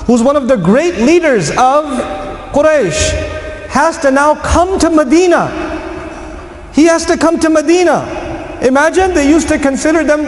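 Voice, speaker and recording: A man preaching and telling a story to an audience, lively, acting out the voices of the people in it. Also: very high-pitched. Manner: animated, acts out quoted voices. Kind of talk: lecture storytelling. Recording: echoey hall.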